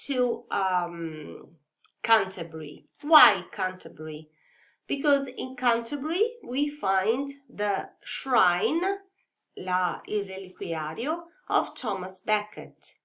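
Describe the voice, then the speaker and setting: A woman with an Italian accent, teaching a revision lesson slowly and carefully, with many pauses, fillers and "okay?" checks. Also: medium pitch, fairly bright tone. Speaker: English literature teacher.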